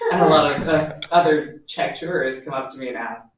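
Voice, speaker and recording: A man's voice: a little high, moderate pace. A young man chats easily with a student group, laughing lightly now and then. He is far from the mic. The room is very echoey, with faint noise behind him. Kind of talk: casual chat.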